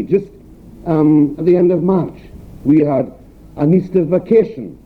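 An older man with a broad Scottish accent preaching a sermon, earnest and direct, with pointed rhetorical questions and homely stories. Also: fairly high pitch. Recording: tinny phone-like recording with faint background noise.

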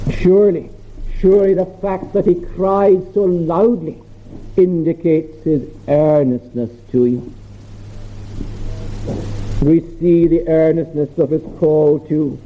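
A man preaching a sermon, earnest and measured, repeating phrases for emphasis. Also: a little high, steady tone. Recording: tinny phone-like sermon recording.

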